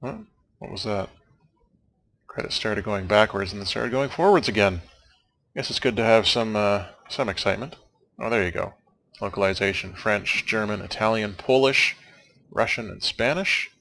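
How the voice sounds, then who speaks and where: A young man with a low, gravelly voice that still cuts through bright and forward. He chats loosely over a game's credits, tossing off dry, wry asides as he drifts from one topic to the next. A faint hiss sits under the recording. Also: moderate pace. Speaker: let's play commentator. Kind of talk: casual rambling commentary over game credits.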